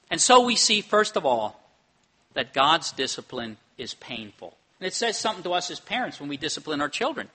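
A man's voice: sits high, pushed and bright, breathy edge. A middle-aged man preaching a sermon in a conversational way, often ending points with tag questions. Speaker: pastor.

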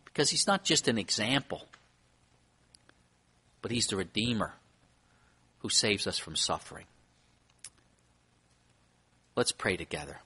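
A pastor delivering a sermon in church, his voice bright and forward. He preaches earnestly, with emphasis that rises and falls. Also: fairly low pitch, sing-song, normal speed, pauses often, husky.

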